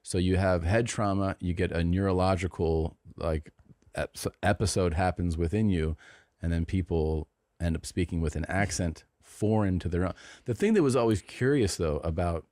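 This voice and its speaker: A man's voice: low-pitched, normal speed, no room sound, studio quality. A man co-hosting a comedy podcast, chatting casually with slang and swearing. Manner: animated, swearing, slangy storytelling. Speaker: podcast co-host.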